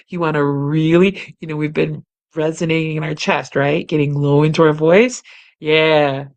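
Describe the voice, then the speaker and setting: A woman's voice: deep voice, fairly even intonation, moderate pace. A woman who is a singing teacher and hosts the show, leading a somatic exercise lesson from a chair on camera. She is playful, laughs often and demonstrates the exercises with vocal sounds. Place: seated in a chair at home studio, on camera.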